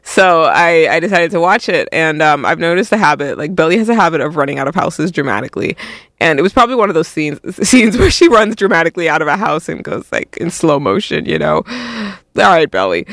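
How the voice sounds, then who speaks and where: A man's voice: a little high, expressive, fast talker, creaky, fairly bright tone, no room sound, studio quality. A young man hosting a radio show, chatting casually in a tired, laid-back way, rambling with lots of "like" and "um". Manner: rambling, filler-heavy, full of "like" and "um".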